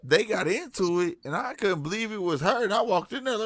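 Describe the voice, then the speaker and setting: A man's voice: sits high, brisk, hardly any pauses, fairly bright tone, dry recording. A man in his forties telling blunt, profane stories in casual podcast chat.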